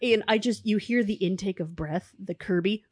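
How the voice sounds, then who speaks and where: A podcast co-host, this woman tells a story in casual chat, animated and acting out the quotes. Her pitch is medium, her pace moderate, and the recording is dry.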